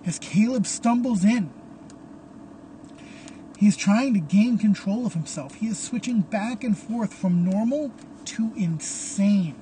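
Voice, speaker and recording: A man narrating a dark dramatic story in a hushed, dramatic way. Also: high-pitched, animated, a little slow, long pauses, slight background noise.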